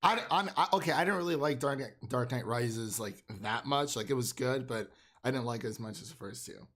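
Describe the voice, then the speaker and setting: A man's voice: mid-range voice, a little fast, fairly bright tone. Male co-host, rambling casual talker, full of fillers and restarts. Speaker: podcast co-host. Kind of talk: casual chat.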